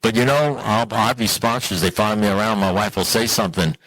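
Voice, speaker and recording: A man telling a humorous personal recovery story to an audience in an animated, self-mocking way, often turning to the listeners with questions. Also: quick pace, no echo, rough recording. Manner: animated, self-mocking, with sudden jumps in pitch; conversational, asks the audience questions. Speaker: recovery meeting speaker.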